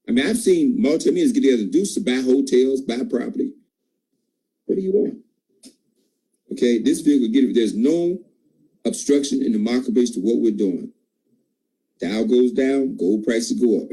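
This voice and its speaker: This is a low-quality recording of a team leader on a sales call giving his team an emphatic, preachy motivational talk. His voice is dark and mellow with some huskiness, and it leaps high in pitch as he presses his points.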